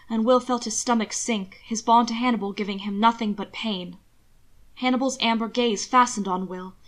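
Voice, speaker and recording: A woman narrating an audiobook reading of fan fiction with expressive, measured storytelling. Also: fairly high pitch.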